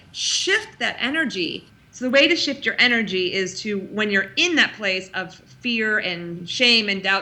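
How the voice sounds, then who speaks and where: A woman coach being interviewed, speaking emphatically and swinging her pitch up when she voices the thoughts she describes. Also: sharp tone. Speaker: coach, guest. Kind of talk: animated conversational interview.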